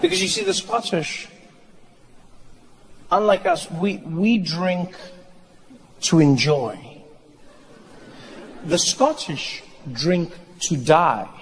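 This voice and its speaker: A man performing a stand-up routine on stage, telling a story with animated delivery and playful impressions. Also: on the high side, extremely slow, long pauses, a little hiss or hum. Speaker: stand-up comedian. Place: comedy stage before a live audience. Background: audience laughter.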